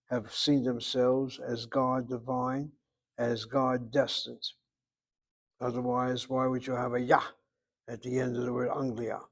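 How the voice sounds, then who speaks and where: A man lecturing a class at an unhurried pace, his pitch sitting in an ordinary middle register. He breaks words into syllables one at a time and drifts into thoughtful side remarks. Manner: slow, deliberate spelling-out of words, musing asides. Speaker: Hebrew teacher.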